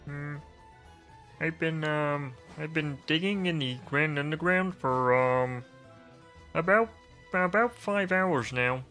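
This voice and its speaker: Kermit the frog type gentle puppet frog, a guy putting it on, talks really slow, hums before lines. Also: on the high side, soft background music, pitched above the performer's own voice. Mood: wistful.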